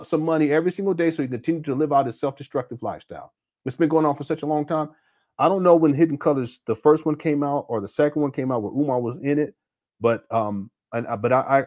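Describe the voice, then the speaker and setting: A man talks off the cuff on a livestream. His voice sits at an everyday middle pitch. He restarts sentences constantly, fills gaps with "uh" and "you know", and jokes and laughs with his viewers. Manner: rambling, frequent restarts and fillers; loud, laughing banter with viewers. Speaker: host. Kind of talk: casual livestream commentary.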